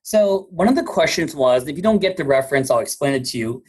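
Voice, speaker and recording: A man's voice: fairly high pitch, animated, fast, a little mellow, breathy edge. A man hosting a podcast interview in a jovial, casual way, laughing often and stumbling over his words. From United States. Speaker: podcast host.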